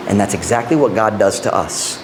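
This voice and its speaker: A man preaching a sermon as pastor, animated, slipping between English and Cebuano phrases. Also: fairly low pitch, brisk. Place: church sanctuary. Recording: echoey church room with faint ambient noise.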